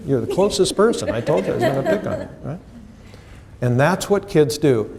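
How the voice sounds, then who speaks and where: A man giving a live seminar lecture to a room of workers, animated and direct, teasing and quizzing the audience as he goes. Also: a little high. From United States. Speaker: trainer presenting a seminar.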